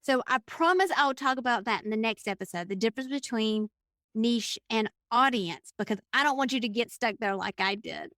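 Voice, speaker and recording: A woman's voice: a little high, lively intonation, moderate pace, fairly bright tone, dry recording, studio quality. A middle-aged woman hosting her own coaching podcast, talking in a chatty, rambling way with frequent laughs. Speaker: business coach and podcast host. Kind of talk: solo podcast monologue.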